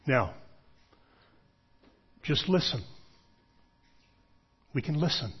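Man, middle-aged, pastor, sermon, husky, measured storytelling, muffled lo-fi recording. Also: on the high side, very animated. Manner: measured storytelling with frequent pauses and fillers.

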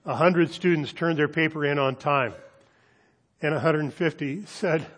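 A pastor delivering a sermon. He reads scripture slowly and deliberately, then tells a story with animated emphasis. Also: a little high. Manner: measured, deliberate reading with dramatic pauses; animated storytelling, lifting his voice for quoted students.

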